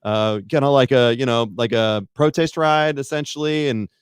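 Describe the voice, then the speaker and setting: A man's voice: medium pitch, normal speed, smooth, no room sound, clean studio sound. A man, a podcast guest, chatting casually in a rambling, self-deprecating way that hedges a lot. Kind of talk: casual chat.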